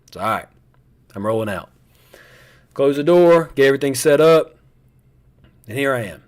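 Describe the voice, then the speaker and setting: A man's voice: medium pitch, animated, moderate pace, pauses often, darkish tone. A young adult man, hosting a live stream in casual, rambling chat aimed straight at his viewers.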